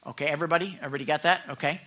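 A man preaching a sermon, animated and talking back and forth with his congregation, acting out quotes. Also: a little high, rapid-fire, lo-fi sound. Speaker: pastor.

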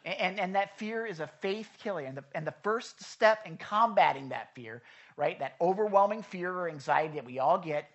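A pastor preaching a sermon to a congregation, chatty and animated, acting out the people in the stories and asking the room questions. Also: mid-range voice, moderate pace, dull audio. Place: church in front of a congregation.

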